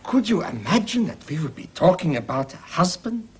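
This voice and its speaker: A middle-aged German immigrant father with a husky edge, speaking earnestly. His pitch moves widely as he talks. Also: very animated, moderate pace, full character voice. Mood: hopeful.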